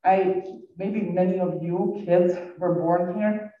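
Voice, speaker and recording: School staffer, middle-aged man, non-native accent, chatty personal storytelling, boomy hall, far-off mic. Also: steady tone, slow pace. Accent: foreign accent, non-native English. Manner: warm, personal, rambling storytelling. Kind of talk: responding at a community forum. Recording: echoey hall, distant dull mic.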